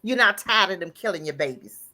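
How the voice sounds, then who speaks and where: A woman's voice: lively intonation, brisk, pushed and bright, a little hiss or hum. A woman calling in to a live talk show, delivering a heated, emphatic rant full of repeated lines. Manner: breaks into laughter and raises voice to near-crying pitch. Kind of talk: impassioned call-in rant.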